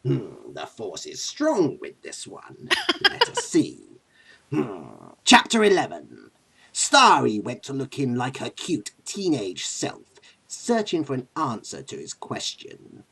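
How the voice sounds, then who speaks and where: A man voicing a menacing old male emperor in a low, hushed, sneering voice. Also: huge pitch swings, slow, creaky, husky, heavily acted. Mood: sinister.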